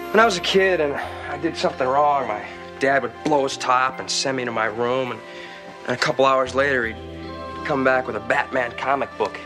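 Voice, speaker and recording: A man's voice: mid-range voice, normal speed, close to an everyday voice. An actor as an earnest young man telling a boy a story. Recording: sitcom clip played under loud music.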